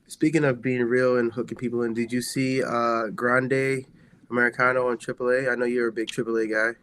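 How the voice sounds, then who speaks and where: A man co-hosting a casual wrestling talk show. He rambles excitedly and circles back on himself, his voice sitting in an ordinary middle pitch. He loads his sentences with filler words. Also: a little fast, clean tone. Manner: excitable, rambling, heavy use of "like". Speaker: wrestling podcast co-host. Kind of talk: casual chat.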